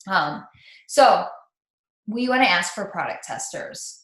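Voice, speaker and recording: A woman's voice: medium pitch, animated, fairly bright tone. Chatty woman coaching in an echoey room. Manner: chatty, quick and upbeat, with many ums and restarts. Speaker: team leader training new distributors. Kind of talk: live online training.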